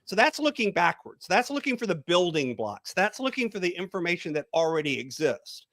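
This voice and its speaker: Man, high-pitched, coach guest, storytelling, dry close sound. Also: big pitch swings, a little fast, a bit bright, no echo. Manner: storytelling, guided visualization. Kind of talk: podcast interview.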